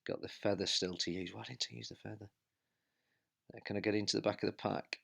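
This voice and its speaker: Low gravelly guy narrating his bike race, winded, pushing himself, pretty flat delivery. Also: fast. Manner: breathless running commentary, urging himself on. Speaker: cycling vlogger. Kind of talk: live race commentary while riding.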